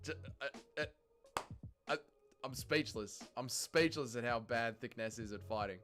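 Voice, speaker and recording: A young man, hosting a fight watch-along livestream, mocking and profane, swinging between disbelief and deadpan. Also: mid-range voice, unhurried, soft background music. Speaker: livestream host.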